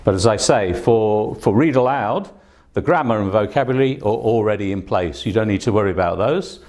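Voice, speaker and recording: A man's voice: on the low side, lively intonation, brisk, a little mellow. Patient male English test tutor. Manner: patient, encouraging, frequent fillers. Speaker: English test prep teacher. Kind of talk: recorded online lesson.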